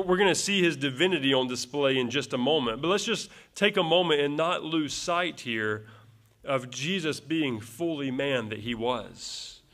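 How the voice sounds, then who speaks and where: A man's voice: fairly high pitch, fairly bright tone. A male pastor preaching a verse-by-verse sermon, earnest, repeating phrases for emphasis and closing points with rhetorical tag questions.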